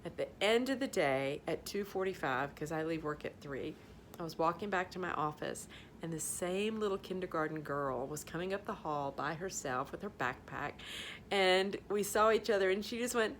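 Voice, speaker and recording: A woman's voice: fairly low pitch, expressive, moderate pace, a little hiss or hum. A middle-aged woman telling a heartfelt story in a casual vlog, emotional, laughing and tearing up, acting out the voices of the people she quotes. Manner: acts out voices in quoted lines. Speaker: vlogger sharing a school story.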